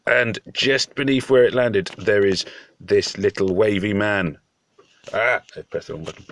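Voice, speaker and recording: A man's voice: fairly low pitch, unhurried, a bit bright, a little hiss or hum. Rambling, self-mocking British man. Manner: joking, self-deprecating, rambling with hesitations. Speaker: mobile game video host. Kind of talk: casual gameplay commentary.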